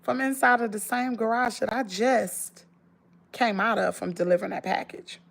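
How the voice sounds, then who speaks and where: A woman's voice: a little high, steady tone, normal speed, vocal fry. A woman with a Southern US accent, telling an emotional story straight to her viewers in an emphatic, rambling way, full of restarts. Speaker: vlogger.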